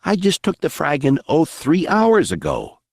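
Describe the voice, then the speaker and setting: A nervous young soldier full of sarcastic jokes, put on by a male audiobook narrator. The voice sits noticeably higher and livelier than the narration and stays dry, close and clean. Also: wildly swooping pitch, a little slow, creaky, husky, no room sound, full character voice. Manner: sarcastic, jittery quips.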